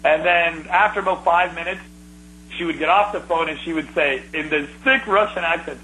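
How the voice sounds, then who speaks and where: A middle-aged man telling rambling, animated stories in a casual conversation, restarting his sentences often. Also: on the high side, moderate pace, a little hiss or hum, low-quality recording.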